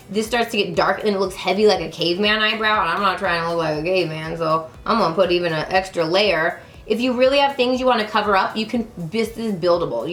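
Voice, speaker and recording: A woman's voice: medium pitch, fairly bright tone. Chatty woman in an echoey room. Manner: chatty, bubbly, talks to viewers while applying makeup. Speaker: beauty vlogger. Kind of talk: casual makeup tutorial.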